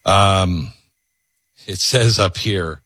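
A man's voice: sits low, very slow, a bit bright, husky, no echo. A man hosting a talk radio show, ranting with indignation and sarcasm. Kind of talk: opinionated radio monologue.

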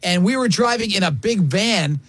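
A man hosting a radio show in a studio, bantering loudly and joking with his co-hosts. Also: high-pitched, animated, moderate pace, husky, dry recording. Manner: joking, loud, laughs often. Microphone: studio mic.

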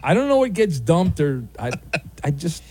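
A man hosting a sports talk radio show from a studio, wry and bantering, with bursts of loud mock outrage. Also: a little high, big pitch swings, moderate pace, breathy edge. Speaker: radio host. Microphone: studio microphone.

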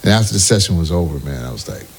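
A man, a musician guest, telling animated anecdotes in a casual interview. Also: low voice, rapid-fire, slight background noise. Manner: animated anecdotes, breaks into sung snippets and quoted voices.

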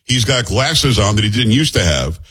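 A man's voice: fairly low pitch, sing-song, moderate pace, a bit bright, slightly rough. A man hosting a political commentary show, talking bluntly and with scorn in a conversational way. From New York area. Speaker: talk show host.

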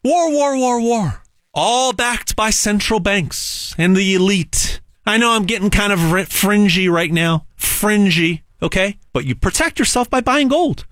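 A man delivering an emphatic, repetitive sales pitch monologue as host. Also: animated, unhurried, fairly bright tone, no echo, studio quality.

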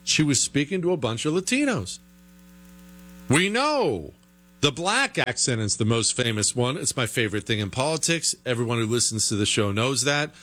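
A man's voice: mid-range voice, big pitch swings, normal speed, a bit bright. A man hosting a political commentary show, delivering a sarcastic, emphatic monologue with frequent restarts. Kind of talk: opinionated monologue.

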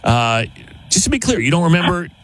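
A man hosting a morning radio show, chatting in an animated, joking way from a studio. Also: a little high, fairly quick, a little hiss or hum. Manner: animated, joking, talks over others. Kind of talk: morning radio prank call chat.

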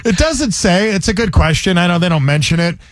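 A man's voice: high-pitched, animated, a little fast, no room sound, clean studio sound. A man hosting a comedy talk show, ranting in a sardonic, joking way in casual chat. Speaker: comedy podcast host.

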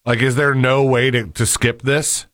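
A man co-hosting a casual tech chat, talking in quick restarts. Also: medium pitch, level tone, fairly bright tone, dry recording, studio quality. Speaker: show co-host.

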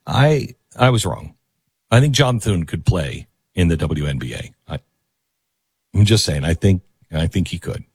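A man's voice: lowish voice, no room sound. A man hosting a talk radio show, speaking in a sarcastic, mocking way from a close studio mic.

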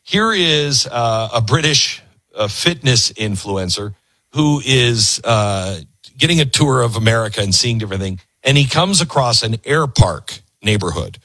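Man, talk show host, emphatic commentary, bright voice, dry close sound. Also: mid-range voice, animated, a little slow, dry recording. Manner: emphatic, preachy, cuts clips off. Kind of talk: commentary on played clips.

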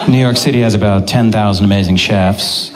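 A man's voice: lowish voice, steady tone, fairly quick, a loud crowd. A man performing a stand-up set on stage with a dry, understated delivery. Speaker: stand-up comedian. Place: comedy stage before an audience. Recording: loud background noise.

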